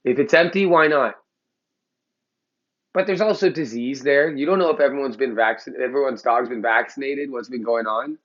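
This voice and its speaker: Lo-fi sound carries a medium-pitched male voice that is brisk with few pauses. The speaker, a Los Angeles dog trainer, delivers a blunt, heated, profane opinion piece straight to camera.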